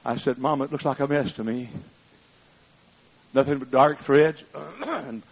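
Husky older preacher, shouting then hushed. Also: male voice, mid-range voice, unhurried. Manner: swings from shouting to hushed storytelling. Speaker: pastor. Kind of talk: sermon. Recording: muffled, lo-fi.

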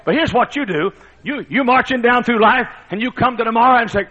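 A male preacher delivering a sermon in a dramatic style that booms and then drops to a hush. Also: brisk. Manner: dramatic preaching, booming one moment and hushed the next. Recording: dull lo-fi sermon recording.

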